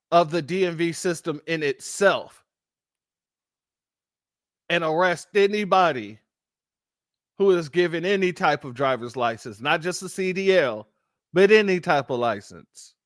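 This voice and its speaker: A fairly high-voiced man hosts a commentary show, indignant and insistent as he talks straight to his audience, whom he calls family. The sound is close and dry, with no room around it. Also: no room sound. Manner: addresses listeners as family, indignant. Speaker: host.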